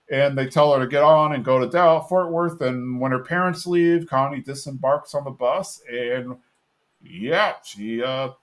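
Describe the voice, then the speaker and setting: A man co-hosting a podcast, casually retelling a cartoon episode in a rambling way and briefly acting out the characters' lines. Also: medium pitch. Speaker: podcast co-host recapping an episode. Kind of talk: casual chat.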